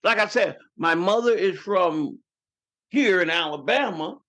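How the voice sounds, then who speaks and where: Expressive and high-pitched, this male voice keeps a measured pace and sounds pushed and bright. The speaker, a fifty-something with a New York accent, guests on a podcast, casually telling family stories with lots of rambling restarts.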